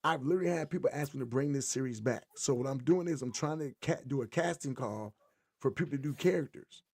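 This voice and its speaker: A man's voice: mid-range voice, fast, vocal fry, husky. A man co-hosting a podcast, chatting casually and telling jokey stories with lots of energy. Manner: animated, joking storyteller. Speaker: podcast co-host. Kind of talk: casual chat.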